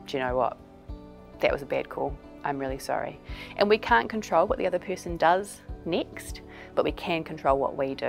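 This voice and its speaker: A woman's voice: deep voice, creaky. A woman with a New Zealand accent, a child and family psychologist, giving practical advice and acting out little examples. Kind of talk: explanatory talk to camera.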